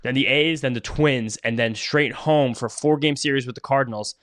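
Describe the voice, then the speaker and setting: A man's voice: medium pitch, normal speed, fairly bright tone, no echo. A man co-hosting a casual podcast, talking in long, rambling runs and swearing now and then. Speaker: podcast co-host. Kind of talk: casual chat.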